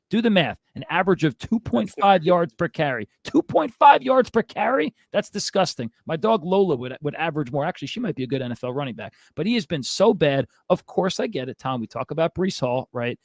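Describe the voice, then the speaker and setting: A man's voice: fairly high pitch, dry recording. Fired-up male sports show host. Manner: fired-up, exasperated ranting with frequent asides. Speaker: fantasy football show host. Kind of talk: heated sports rant to a co-host.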